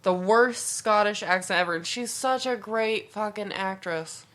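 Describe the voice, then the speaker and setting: A woman's voice: medium pitch, unhurried, a bit bright. A woman chatting casually on a podcast, blunt and swearing freely. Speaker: podcast co-host. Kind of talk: casual chat.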